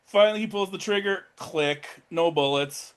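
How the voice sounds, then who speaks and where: A man's voice: high voice, moderate pace, clean tone. Man animatedly recapping a horror film. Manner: animated retelling, acting out characters' lines with profanity. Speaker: podcast co-host. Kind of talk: casual movie recap chat.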